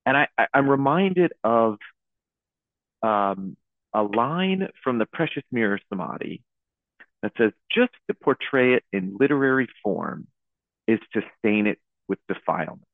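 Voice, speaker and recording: A young man leading a Buddhist dharma talk, speaking in a halting, searching way with many restarts. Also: mid-range voice, expressive, dry recording. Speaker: teacher leading a Zen talk. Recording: tinny phone-like audio.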